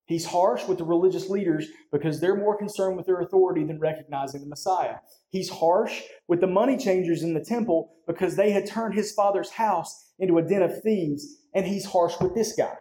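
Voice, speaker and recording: A man's voice: high voice, mellow, echoey room. A man preaching a sermon as pastor, talking conversationally and often checking in with "right?".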